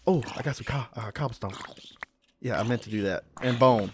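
A man's voice: medium pitch, very animated, unhurried, heavy background noise. A man giving casual, chatty commentary while playing a video game, often yelping when startled. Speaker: let's play gamer.

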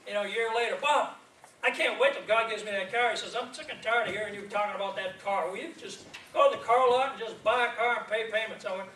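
Fast and with few pauses, a man with a voice that sits high delivers a sermon as an evangelist, full of stories and laughter. The church sanctuary recording is distant and echoey, with a little hiss or hum.

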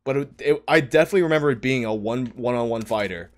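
A man's voice: medium pitch, fast talker. A man chatting casually while playing a game on stream, often trailing off mid-thought. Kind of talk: casual chat while gaming.

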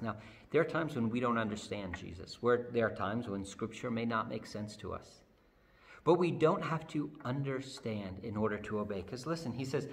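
A man preaching a sermon in a chapel, telling the story with animated, conversational energy. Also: mid-range voice, normal speed, vocal fry. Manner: lively storytelling, acts out the Bible characters. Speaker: pastor. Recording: long hall reverb.

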